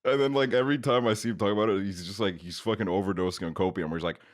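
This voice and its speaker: A young man with a very low, deep voice talks casually on a podcast. He is sarcastic and crude, swearing freely as he tells stories. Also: very fast. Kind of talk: casual chat.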